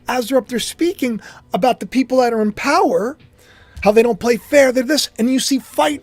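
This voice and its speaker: Delivering fervent spiritual commentary to followers online, this man has a very high voice and a moderate pace. He repeats phrases for emphasis and shifts between booming outbursts and quiet asides. The recording is dry.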